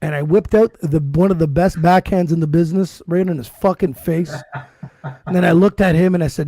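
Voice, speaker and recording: A high-voiced man spins a wild night-out story for a podcast, cursing freely and acting out each line of dialogue. The sound is close and dry. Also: brisk, gravelly, no echo. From Canada. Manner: animated, profane, acts out quoted dialogue. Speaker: podcast co-host. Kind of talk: casual storytelling chat.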